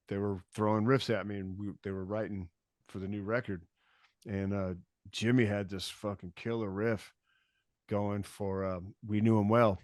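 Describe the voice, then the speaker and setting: A man's voice: on the low side, no room sound, clean studio sound. A man, a podcast guest and touring musician, telling stories in laid-back casual chat with frequent restarts and swearing.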